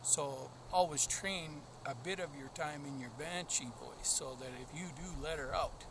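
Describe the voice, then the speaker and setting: A man's voice: on the high side, moderate pace, background noise. A man explaining dog training in a plainspoken, practical way while out in open country. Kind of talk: outdoor training vlog.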